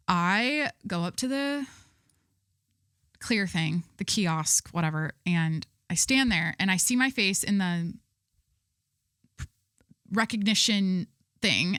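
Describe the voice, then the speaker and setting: A woman's voice: medium pitch, fairly bright tone, clean tone, no echo. Young woman, podcast host, rambling casual chat, lots of "like", dry close sound. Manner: chatty, rambling, filler-heavy storytelling.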